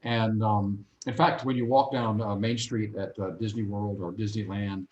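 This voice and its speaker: Animated storytelling man in an echoey room. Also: on the low side, normal speed, muffled recording, a little hiss or hum. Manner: animated, acts out voices in anecdotes. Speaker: guest. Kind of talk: casual storytelling. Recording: roomy echo.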